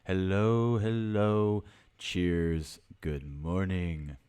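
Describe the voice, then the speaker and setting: Deep slow anchorman persona put on by a man, drawn-out low delivery, mock-formal. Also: steady tone, a little mellow, clear, resonant tone. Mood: smooth.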